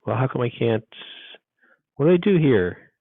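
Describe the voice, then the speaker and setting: A man's voice: medium pitch, sing-song, normal speed, gravelly, slightly rough, no echo, narrow, tinny audio. A man teaching a programming class, thinking aloud as he codes and muttering asides to himself. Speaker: university instructor. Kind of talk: live coding lecture.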